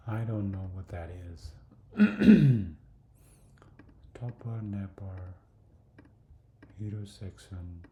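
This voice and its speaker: A man's voice: fairly low pitch, mellow. A man walking through a design tutorial on screen, thinking aloud, hesitant and full of fillers, often dropping to a mutter or whisper. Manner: hesitant, many fillers and restarts. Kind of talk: screen-recorded design walkthrough. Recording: echoey room.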